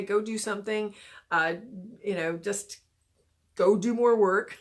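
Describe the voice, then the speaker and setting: A woman gives casual coaching advice straight to her viewers. She rambles, restarts her sentences and fills pauses with fillers, in a mid-range voice. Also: medium pitch. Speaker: life and business coach.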